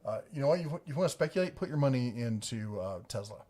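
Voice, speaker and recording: A man's voice: mid-range voice, expressive, fast, mellow. A man hosting a casual livestream, rambling through viewer questions with jokes and restarts. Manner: rambling, joking, self-correcting. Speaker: livestream host.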